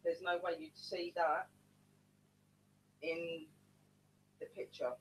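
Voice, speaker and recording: A woman's voice: fairly low pitch, level tone, slow, a little hiss or hum, poor audio. A woman talks to her live-stream audience as she runs a ghost hunt from her home. She chats loosely and keeps calling the viewers "guys", like a team leader showing them around. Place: at home indoors.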